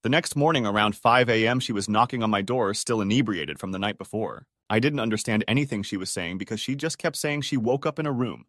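A man reading out online stories in a lively scripted narration. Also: fairly low pitch, brisk, few pauses, dry recording, studio quality.

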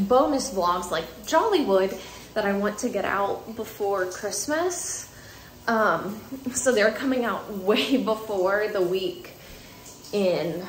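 Rambling young woman vlogging, roomy sound. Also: a little high. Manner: rambling, self-correcting. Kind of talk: casual chat to camera. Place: home at night. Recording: roomy with faint noise.

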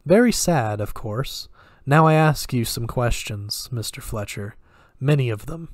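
Cold interrogator, slow threats in broken English, read by a man. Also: mid-range voice, animated, dry recording, studio quality, lightly acted. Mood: menacing. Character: menacing male military interrogator, calm and cold.

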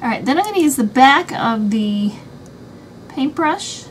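A woman with a high, light voice walks through a craft project one step at a time, chatty and easygoing. A faint hum of room ambience sits under her voice. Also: sing-song, measured pace. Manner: chatty, explains each step as she works. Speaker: craft channel host.

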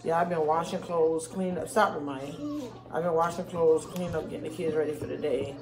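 Deep-voiced lady in her 40s rambling to her vlog viewers, jaw stiff after dental work, can't open her mouth all the way. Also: fairly even intonation, a little fast. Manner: chatty, rambling, talks straight to viewers. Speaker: vlogger and mother. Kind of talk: casual chat to viewers. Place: at home, later in a parked car.

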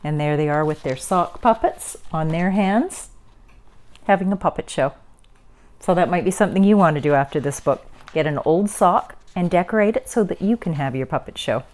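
A woman teacher reading a picture book aloud to children, expressive and stretching words for emphasis. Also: fairly low pitch. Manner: expressive storytelling with drawn-out emphasis.

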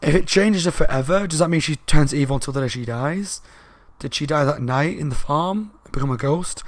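A man giving a casual spoken book review, talking fast and loud and rambling along with asides. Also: fairly high pitch, no room sound.

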